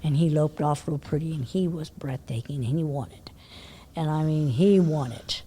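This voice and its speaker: An older woman telling horse-show stories in a casual interview, animated, laughing often and dropping to a hush when she quotes herself. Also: low-pitched, normal speed, husky. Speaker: interview guest, horse trainer.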